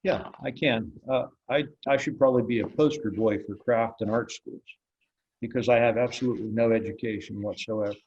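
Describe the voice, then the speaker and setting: A man's voice: fairly low pitch, fairly even intonation, fairly quick, darkish tone, highs cut off, slight background noise. An older man, an interviewed blacksmith, telling stories in a wry, folksy way, acting out the dialogue. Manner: folksy, wry storyteller who acts out dialogue. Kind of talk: relaxed storytelling in an interview.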